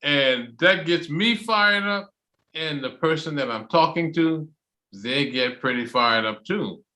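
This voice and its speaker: A man hosting an online English chat club over a video call, loud and enthusiastic, stretching out his phrases for emphasis. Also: fairly high pitch, lively intonation, slow. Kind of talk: motivational casual talk.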